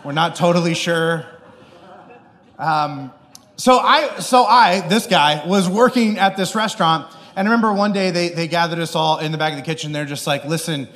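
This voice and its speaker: A man preaching a sermon through an animated, self-deprecating personal story, acting out the people in it. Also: high voice, moderate pace, long reverb tail.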